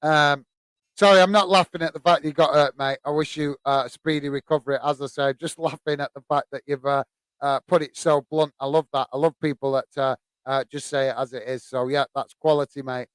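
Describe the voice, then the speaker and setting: A British man hosting a live football watch-along, chatting in a friendly, halting way with many fillers while reading viewer messages. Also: a little high, fairly even intonation, a bit bright, clear, resonant tone, no echo.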